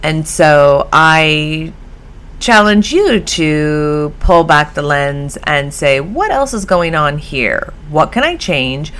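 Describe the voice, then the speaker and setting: A woman's voice: low-pitched, slow. A woman hosting her own podcast on dog behavior from home, talking in a chatty, storytelling way. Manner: chatty, animated storytelling with laughs. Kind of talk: casual solo podcast.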